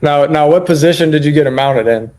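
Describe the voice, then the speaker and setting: A man hosting a casual podcast chat in a relaxed, easily amused way. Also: on the high side, quick pace. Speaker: podcast host.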